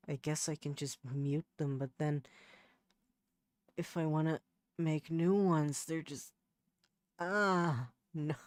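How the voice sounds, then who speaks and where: Slow-talking male streamer muttering to himself. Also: fairly high pitch, dry recording. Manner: muttering to himself, exasperated, restarts sentences. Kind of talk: casual livestream chat while working. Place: home setup.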